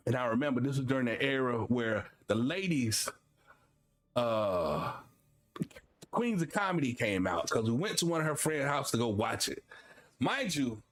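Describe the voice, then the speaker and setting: A man in his forties from Florida, hosting a stream and telling stories in casual chat, animated and laughing, swinging between high excited bursts and low asides. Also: normal speed. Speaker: streamer and host.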